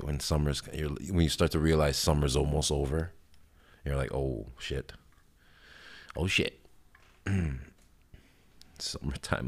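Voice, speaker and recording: A man in his thirties with an extremely low, rumbling voice, talking loosely as a podcast host. He rambles in a laid-back way, swears freely and fills gaps with "um" and quick laughs. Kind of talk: casual solo podcast chat.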